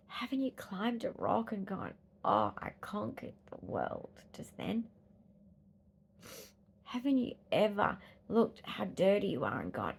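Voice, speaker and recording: Gravelly-voiced Australian woman musing aloud. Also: mid-range voice, sing-song, unhurried, slight background noise. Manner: rambling, philosophical, emphatic. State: weary after a hard night. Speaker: vlogger. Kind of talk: reflective personal vlog.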